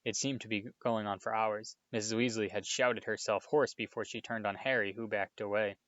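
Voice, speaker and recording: A man narrating a children's story aloud, in a steady read-aloud manner, on a dull, lo-fi recording. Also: lowish voice, moderate pace, no echo. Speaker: audiobook reader.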